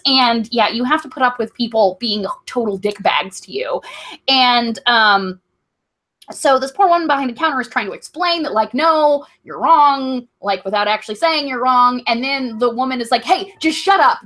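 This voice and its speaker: Rambling bright-voiced woman podcaster. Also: fairly high pitch. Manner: rambling, full of likes and ums. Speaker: comedy podcast co-host. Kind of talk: casual storytelling chat.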